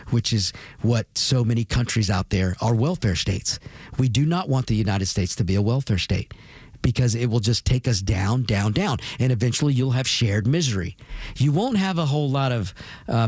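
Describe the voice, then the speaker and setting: A male radio talk show host with a mid-range, darkish, slightly breathy voice delivers an emphatic political monologue, repeating his points and calling his listeners "folks." He rolls his R's in a Spanish way on Latin words. The recording is close and dry, with no room sound at all.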